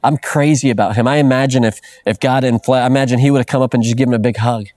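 Male pastor, middle-aged, earnest, casual preaching, medium pitch, dry close sound. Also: fairly even intonation, fast, darkish tone, no room sound. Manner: earnest, conversational, frequent restarts and "man" fillers. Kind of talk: sermon.

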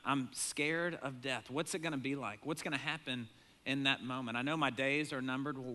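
A bright, forward-sounding male pastor in his thirties, preaching in a relaxed, conversational sermon style. He tells stories with animation, chuckling often and jumping into a high, excited voice to mimic his children. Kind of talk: sermon with storytelling.

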